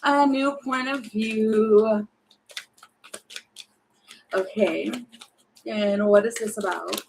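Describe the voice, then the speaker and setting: Woman, tarot reader, live reading, chatty, thinks aloud, middle pitch, faint background noise. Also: steady tone, very slow, vocal fry, rough recording. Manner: chatty, thinking aloud, acts out little quoted voices; exasperated about the energy.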